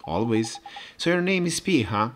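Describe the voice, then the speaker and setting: Quiet, earnest boy hero with a low, hesitant delivery, read by a male player. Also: very animated, normal speed, a little hiss or hum. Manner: earnest, hesitant, soft-spoken.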